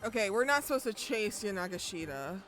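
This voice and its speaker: A woman's voice: medium pitch, big pitch swings, brisk, fairly bright tone, soft background music. Casual, foul-mouthed young woman streamer. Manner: casual, profane, joking. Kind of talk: live game streaming chat.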